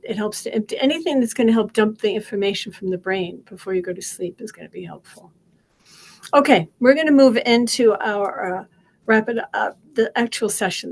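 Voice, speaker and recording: A middle-aged woman practitioner gently coaching listeners through a guided tapping exercise, repeating phrases in a steady rhythm. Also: mid-range voice, a little hiss or hum, poor audio. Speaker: wellness practitioner leading a session.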